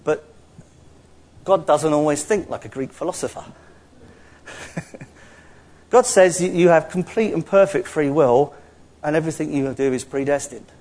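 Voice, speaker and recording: A man preaching a sermon in an animated, playful way, acting out little dialogues as he teaches. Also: fairly high pitch, measured pace, pauses often.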